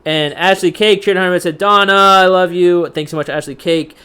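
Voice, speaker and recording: A man's voice: sits high, fairly even intonation, normal speed, a crowd in the background. A man hosting a live stream, reading out viewer cheers casually with many fillers. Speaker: host.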